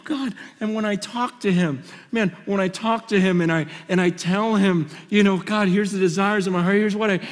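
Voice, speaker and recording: Animated man preaching in a hall. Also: very high voice. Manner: animated, storytelling with repeated restarts and laughter. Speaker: conference speaker. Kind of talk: conference sermon, personal stories. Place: large conference hall stage. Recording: hall reverb from a large venue.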